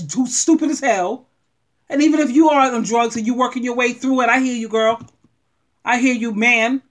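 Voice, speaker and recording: A middle-aged woman giving blunt, animated relationship advice straight to her viewers. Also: a little high. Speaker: advice vlogger. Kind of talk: frank advice monologue.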